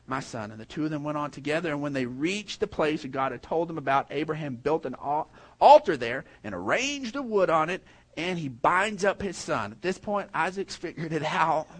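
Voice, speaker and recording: A middle-aged man preaching a sermon, reading scripture and breaking in with lively asides. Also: a little high, moderate pace. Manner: animated, interjects while reading. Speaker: pastor.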